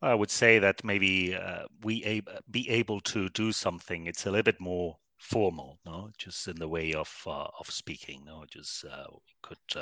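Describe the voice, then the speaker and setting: Deep, bright, hesitant man explaining grammar. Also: normal speed, hardly any pauses, no echo. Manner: hesitant, many "uh" fillers and tag "no?". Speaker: guest English teacher. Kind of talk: casual teaching chat.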